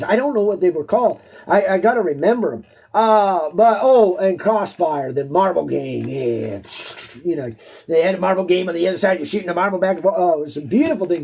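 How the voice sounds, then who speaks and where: An auctioneer hosting a casual chat answers viewer questions, rambling and laughing often. His voice sits high with a dark tone, and he sounds stuffy-nosed.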